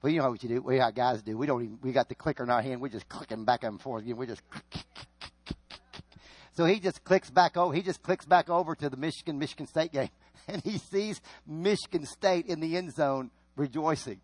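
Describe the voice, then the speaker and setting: A man preaching a sermon, telling stories that swing from loud, emphatic peaks to hushed asides. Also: medium pitch, fast talker, dry recording. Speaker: pastor.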